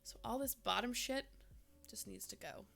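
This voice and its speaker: A woman's voice: on the high side, normal speed, vocal fry, fairly bright tone, soft background music. A young woman from Minnesota chatting casually with her stream's live chat, rambling with lots of fillers.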